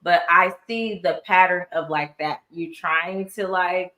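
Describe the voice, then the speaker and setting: A woman in her thirties co-hosting a casual chat about a reality show, telling stories animatedly and acting out quotes with big pitch jumps. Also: unhurried, sharp tone. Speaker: co-host. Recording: echoey room.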